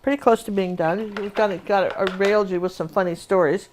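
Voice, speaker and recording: A woman's voice: mid-range voice, fairly even intonation, brisk, a little mellow, slight background noise. Chatty woman teaching a painting class. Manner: rambling, chatty storyteller with many asides. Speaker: painting instructor. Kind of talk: live painting demo with chatty stories.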